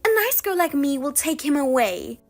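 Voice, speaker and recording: A woman's voice: high voice, big pitch swings, normal speed. A woman voicing a scheming younger sister who mocks and taunts in a sing-song way. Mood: smug.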